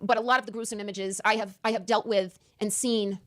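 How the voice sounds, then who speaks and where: Emphatic, fast-talking woman guest. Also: medium pitch. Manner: emphatic, animated; stammering restarts. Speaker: interview guest. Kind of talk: candid interview answers.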